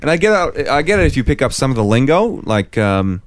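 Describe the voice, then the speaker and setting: A man's voice: medium pitch, very animated, a little fast, no echo, studio quality. A man in his twenties, raised in South Africa and now with a Canadian accent, co-hosting a podcast in casual, profane, rambling chat. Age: 20s. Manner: rambling, profane, self-correcting. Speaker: podcast co-host.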